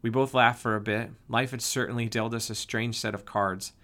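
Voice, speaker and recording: A man reading his own first-person story aloud in a calm, even storytelling voice. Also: medium pitch, moderate pace. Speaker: narrator.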